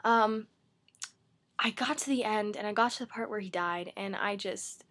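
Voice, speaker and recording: A woman's voice: medium pitch, moderate pace, a bit bright. A woman book vlogger talking casually to camera from her bedroom, rambling and chatty, with lots of "like" and "um".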